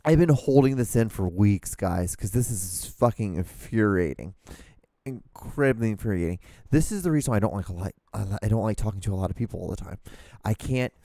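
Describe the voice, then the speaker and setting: Warm-voiced man ranting profanely. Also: on the low side, lively intonation, moderate pace, no room sound, studio quality. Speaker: podcast host. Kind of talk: casual solo rambling rant. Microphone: studio microphone, talking to camera.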